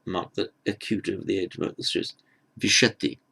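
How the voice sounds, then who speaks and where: A man teaching Sanskrit grammar in an unhurried lecture, patient and halting, often restarting his phrases. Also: low voice, fairly even intonation, creaky, fairly bright tone, slightly rough.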